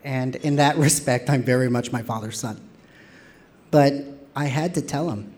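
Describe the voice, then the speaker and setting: A man in his thirties, from Texas, telling a candid personal story on stage with wry humor and lively quoted voices. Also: medium pitch, moderate pace.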